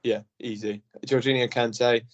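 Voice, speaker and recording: A man's voice: medium pitch, steady tone, a little slow, highs cut off. A man co-hosting a casual football podcast over a call, laughing often and joking around. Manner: laughs often, does silly impressions. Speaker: podcast co-host.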